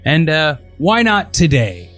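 A man's voice: fairly high pitch, wildly swooping pitch, slow pace, a bit bright, soft background music. A man co-hosting a podcast in casual chat, with a dry, wry sense of humor. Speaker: podcast co-host.

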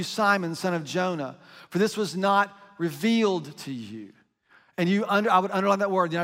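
Male pastor, high voice, conversational sermon with scripture readings, reverberant sanctuary. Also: a bit bright. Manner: conversational preaching, reads scripture aloud.

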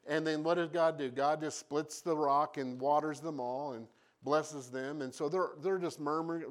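A pastor with a slightly high voice preaches at a normal speed, telling Bible stories with humorous asides. He animatedly acts out the voices of the people in them.

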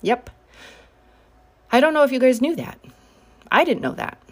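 A woman's voice: high voice, very animated, moderate pace. A woman giving casual political commentary, sarcastic and combative, pushing her voice up sharply on her biggest points.

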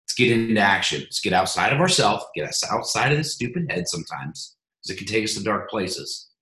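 A man hosting a team coaching call, motivational and energetic, often repeating his words as he builds up. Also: fairly low pitch, a little fast, reverberant, rough recording.

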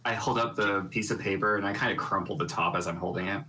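A man's voice: sits low, steady tone, fast, crowd noise. A man playing a character in a tabletop game, joking and casual. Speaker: player. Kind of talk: tabletop role-play. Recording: noisy background.

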